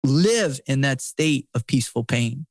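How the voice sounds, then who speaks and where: A middle-aged man talks in an intense, preaching way, cursing freely and calling people "man" over and over. His voice sits at a mid pitch, close and dry on the mic. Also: lively intonation, unhurried, no room sound. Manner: intense, preachy, swears often, repeats words and says "man" a lot. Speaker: podcast guest, former Navy SEAL. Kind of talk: impassioned casual conversation.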